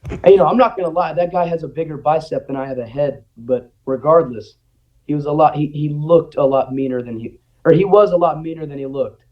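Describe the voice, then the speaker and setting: A man's voice: on the high side, fairly quick. A young man telling a personal story in casual chat, acting out what people said. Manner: animated, acts out quotes. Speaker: guest. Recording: dull lo-fi audio.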